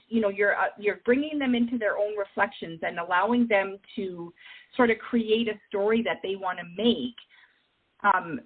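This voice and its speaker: A woman's voice: mid-range voice, slightly rough. A woman hosting an interview, asking rambling, chatty questions. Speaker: host. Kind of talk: interview conversation. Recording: tinny phone-like line.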